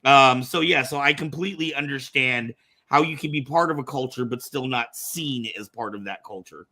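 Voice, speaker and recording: A man co-hosting a podcast, telling a personal story in relaxed casual chat. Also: medium pitch, normal speed. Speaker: podcast co-host.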